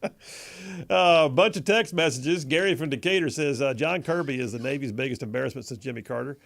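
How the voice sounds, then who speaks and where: A man hosts a radio talk show in a casual, chatty way. His voice is gravelly, with some fry, and pitched a touch high. He laughs easily and repeats words as he reads out listener texts. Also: a little fast, a bit bright. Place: radio studio.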